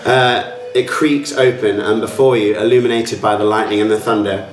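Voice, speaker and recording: A man's voice: fairly low pitch, fairly even intonation, normal speed, distant mic. A man narrating as game master for a tabletop game, reading grandly and using fillers. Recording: roomy sound with faint music.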